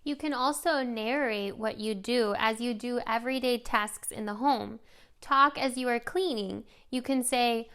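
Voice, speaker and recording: A woman presenting a scripted lesson for parents on modeling language for young children, coaching in a clear, gentle way. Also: a little high, unhurried. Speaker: speech therapy presenter. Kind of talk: scripted instructional narration.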